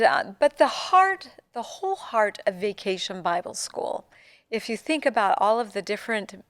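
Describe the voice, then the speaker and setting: A woman's voice: mid-range voice, no echo. Older woman telling a story, dry close mic. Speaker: co-host. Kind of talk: conversational church podcast.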